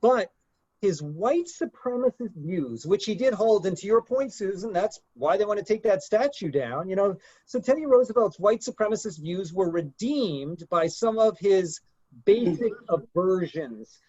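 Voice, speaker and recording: A man's voice: high voice, expressive, a little slow, mellow, husky, no room sound. A man leading a group discussion in a conversational lecture style. He talks hesitantly, with many fillers. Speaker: discussion leader. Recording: dull lo-fi dry sound.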